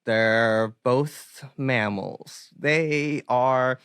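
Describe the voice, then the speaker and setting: A man's voice: mid-range voice, drawn-out words, fairly bright tone, smooth, no room sound, studio quality. A man guest on a podcast puzzle panel, thinking aloud with hesitations. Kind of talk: casual panel game chat.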